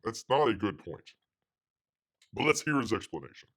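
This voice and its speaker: A man's voice: medium pitch, lively intonation, unhurried, pauses often. A man hosting his own livestream show, ranting in a sarcastic, mocking way with lots of filler words. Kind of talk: casual ranting commentary.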